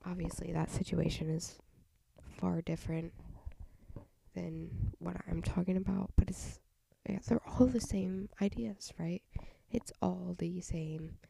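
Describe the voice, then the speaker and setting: A woman's voice: on the low side, steady tone, measured pace, creaky, mellow, slight background noise. A young woman with a stuffy nose hosting a casual solo podcast, rambling with half-whispered asides into a home mic. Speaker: podcast host.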